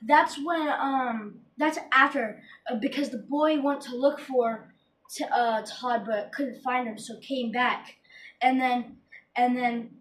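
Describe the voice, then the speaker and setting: A woman co-hosting a casual horror movie review, recapping the plot haltingly and searching for names. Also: on the high side, steady tone, a bit bright. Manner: halting, many fillers and restarts, searching for names. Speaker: podcast co-host. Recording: distant mic with faint background noise.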